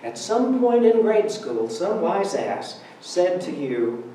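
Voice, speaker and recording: A man with a high, dark-toned voice speaks slowly, his pitch swinging widely as he tells humorous stories in a conversational Sunday talk at church, with laughs along the way. The spacious sanctuary recording has a little hiss or hum, with the mic set far from him.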